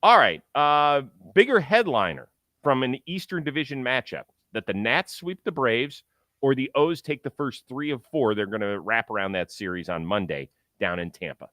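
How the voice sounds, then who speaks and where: A man's voice: medium pitch, lively intonation, normal speed, fairly bright tone, no echo. A man hosting a sports talk show, chatting about baseball in an enthusiastic, joking way and reading ads. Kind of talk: casual sports talk and ad read.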